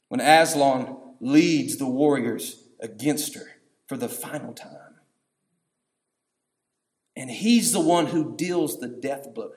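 A man, preaching a storytelling sermon that swings between hushed passages and shouting. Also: medium pitch.

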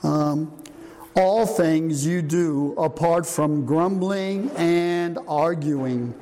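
A man's voice: on the high side, drawn-out words, mellow. An older man preaching a sermon in a conversational way, often asking the congregation questions. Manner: conversational, asks the room questions. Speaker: pastor. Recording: long reverb in a hall, faint noise.

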